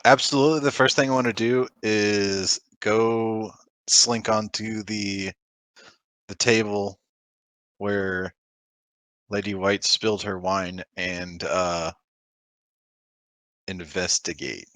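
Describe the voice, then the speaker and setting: A man's voice: on the low side, steady tone, slow pace, long pauses, a bit bright, no room sound. A man playing a tabletop game, laid-back with dry jokes. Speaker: player. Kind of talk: casual chat.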